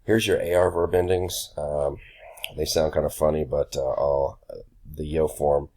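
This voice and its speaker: A young man giving a relaxed recorded grammar lesson as a Spanish teacher, with many ums and uhs. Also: a bass voice, a little slow.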